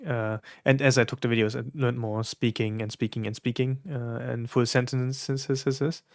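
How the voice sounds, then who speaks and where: A man streaming, reacting to songs in casual, reflective talk with many pauses and fillers. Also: medium pitch, level tone, dry recording, studio quality. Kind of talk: casual live-stream commentary.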